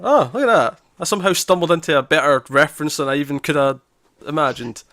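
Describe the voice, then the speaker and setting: A man co-hosts a casual podcast, talking fast with lots of restarts and acting out lines from the show. His voice is bright and crisp, and the sound is dry with little room. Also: fairly high pitch, no room sound. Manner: animated, quick restarts, acts out lines from scenes. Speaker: podcast co-host. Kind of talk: casual chat.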